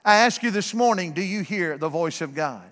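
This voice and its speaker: A middle-aged man preaching a sermon, fervent and repetitive, building to shouts. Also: high voice, expressive, moderate pace. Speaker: guest preacher. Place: church sanctuary. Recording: long hall reverb.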